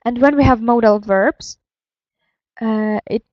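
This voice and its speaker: A woman teaching an English grammar lesson, explaining slowly and carefully with fillers and self-corrections. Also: a little high, steady tone, a little mellow, dry recording, muffled recording. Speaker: language teacher.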